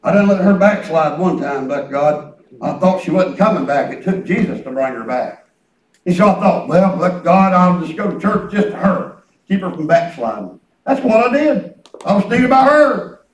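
High-voiced preacher, echoey church. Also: male voice, animated, normal speed. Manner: folksy storytelling with call and response. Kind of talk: sermon. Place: church hall. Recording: echoey room, distant mic.

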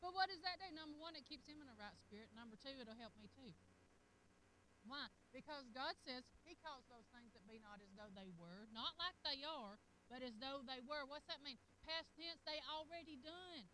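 A middle-aged woman preaching a sermon in a folksy, animated way, with laughing asides, dropping to a hush and rising to a loud call. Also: high voice, moderate pace, a little hiss or hum, low-quality recording.

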